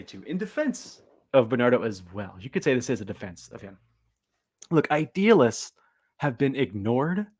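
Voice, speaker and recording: A man talks loosely and sarcastically as he hosts his own stream, joking his way through and dropping briefly into mock voices. His voice sits at an ordinary middle pitch and sounds close and dry, with no room echo. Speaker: host of a livestream. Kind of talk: casual commentary stream.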